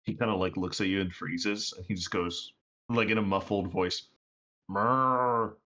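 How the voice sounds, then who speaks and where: A man's voice: deep voice, steady tone, moderate pace, fairly bright tone. A man narrating a tabletop game as game master, loose and full of fillers, on a dull lo-fi recording. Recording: dull lo-fi audio.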